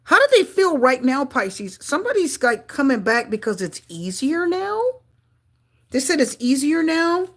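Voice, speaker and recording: A woman giving a live tarot reading to her viewers, talking in an excitable way with frequent exclamations. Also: sits high, a little slow. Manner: excitable, gasping and exclaiming at cards. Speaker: tarot reader.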